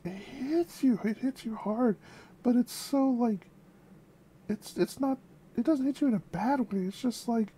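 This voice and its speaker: A young woman talks casually to her viewers, gushing over what she just heard and repeating phrases for emphasis. Her voice sits a little high but sounds mellow and warm in tone. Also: slightly rough. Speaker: music reaction vlogger. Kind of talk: casual reaction chat.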